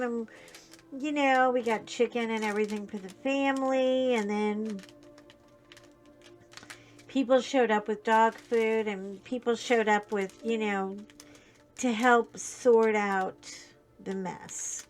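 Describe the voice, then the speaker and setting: A woman chatting casually while she crafts, telling a long story in a rambling, animated way, full of fillers and restarts. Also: fairly high pitch, slow pace, pauses often, faint music behind. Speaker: crafting channel host.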